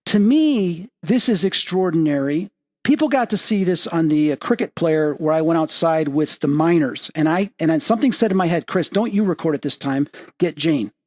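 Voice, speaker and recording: A man hosting an interview as a medium, telling a story with rising excitement and lively quoting of others. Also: normal speed. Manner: excitable, rising pitch when quoting and emphasizing. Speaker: podcast host and medium. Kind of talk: animated storytelling in casual interview.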